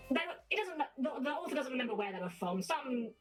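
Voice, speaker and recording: A woman's voice: high voice, very animated, quick pace, soft background music. A woman guest chatting casually and telling a rambling story, acting out the characters' lines along the way. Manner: self-mocking. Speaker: vtuber guest.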